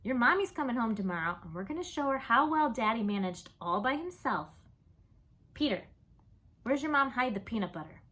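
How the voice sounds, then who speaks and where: A proud, bumbling father from a children's storybook, hearty and coaxing, as a woman puts him on. His lines rise and fall with a lively, bright tone. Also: on the high side, brisk, pitched above the performer's own voice.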